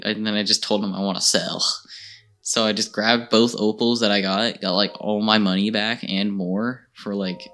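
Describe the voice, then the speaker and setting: A man casually recapping his video game session, rambling and animated, laughing often as he tells it. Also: on the low side. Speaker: gaming channel host.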